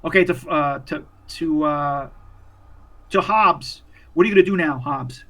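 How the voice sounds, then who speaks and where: Bright-voiced, rambling game master man. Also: fairly high pitch. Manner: rambling, halting, full of restarts. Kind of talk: narrating a tabletop game over a voice call.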